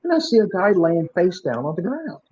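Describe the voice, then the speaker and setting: A man who used to be a police officer tells a story on a podcast, with a lively voice that swings widely in pitch. He sits slightly high and acts out every line of dialogue. The sound is muffled, like a low-fi recording. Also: fairly quick. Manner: animated, punchy delivery with quoted dialogue.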